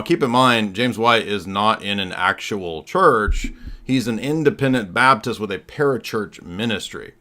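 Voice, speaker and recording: A man's voice: fairly low pitch, normal speed, pushed and bright. A man hosting a livestream as a comedian, talking casually in a sarcastic, mocking way with rambling asides.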